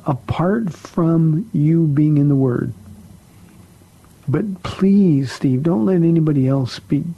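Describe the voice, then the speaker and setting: A man's voice: on the high side, gravelly, husky, highs cut off. A man, a pastor, hosting a radio call-in show and answering Bible questions in a conversational way, often repeating words for emphasis.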